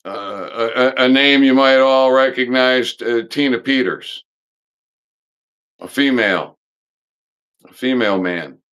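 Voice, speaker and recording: A man hosting a live stream, talking in a rambling, halting monologue full of pauses and restarts, blunt and occasionally swearing. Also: mid-range voice, a bit bright, clear, resonant tone.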